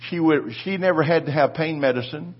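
Husky fervent male preacher. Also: on the high side, brisk, dull audio. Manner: fervent, repetitive preaching with call-and-response. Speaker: pastor. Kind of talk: sermon with personal storytelling.

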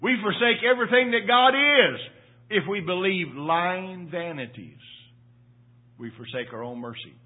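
Husky-voiced older man preaching a sermon. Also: lively intonation, unhurried. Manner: swings from loud emphatic peaks to low quiet asides; repeats phrases for emphasis, calls out "Amen?". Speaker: pastor. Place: church. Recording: tinny phone-like sermon audio.

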